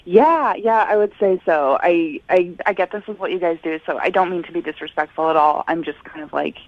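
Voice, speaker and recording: A woman's voice: fairly low pitch, brisk, no room sound. A woman on a phone call speaks hesitantly and politely, breaking into nervous laughs as she searches for words. The line sounds dull and lo-fi, dry and close. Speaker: caller on the phone. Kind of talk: phone conversation.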